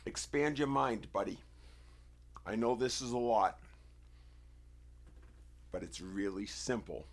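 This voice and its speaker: A man from the United States hosting a livestream, giving an insistent, confrontational monologue with deliberate, emphatic phrasing. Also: lowish voice, vocal fry. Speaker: livestream host.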